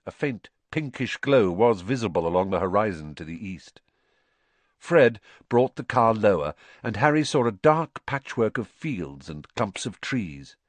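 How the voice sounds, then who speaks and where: A man's voice: lowish voice, measured pace, no echo. A man narrating a children's fantasy audiobook expressively. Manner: expressive storytelling. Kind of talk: scripted narration.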